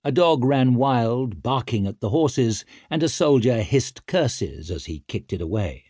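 A man narrating an audiobook in an expressive, dramatic storytelling manner. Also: medium pitch, measured pace, dry recording, studio quality. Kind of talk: scripted narration.

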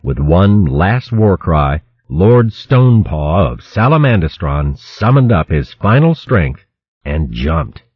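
A man narrating a fantasy adventure in a dramatic, expressive audiobook reading. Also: low-pitched, takes it slowly, husky, no echo. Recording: dull lo-fi recording.

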